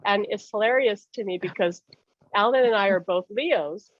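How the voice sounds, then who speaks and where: A woman giving a mediumship reading in a casual, animated way, often laughing and acting out what others say. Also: mid-range voice, normal speed, no echo, muffled recording. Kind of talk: casual reading over a call.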